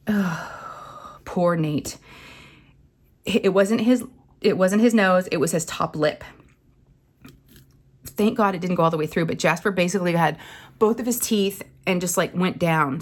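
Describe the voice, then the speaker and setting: A woman, rambling and animated as she tells a story to camera. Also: fairly low pitch. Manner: chatty, rambling, animated retelling with acted quotes. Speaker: craft channel host.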